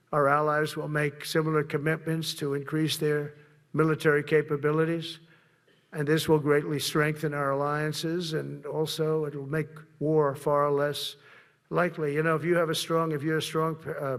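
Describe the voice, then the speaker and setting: A man's voice: a little high, gravelly. An older man giving a rambling, boastful rally speech, repeating himself. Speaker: political speaker.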